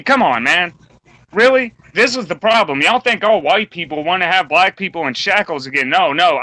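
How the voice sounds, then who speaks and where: A man's voice: high voice, sharp tone, dry recording, poor audio. A man hosting a podcast round table, delivering a blunt, combative rant full of swearing. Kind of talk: profane opinion rant.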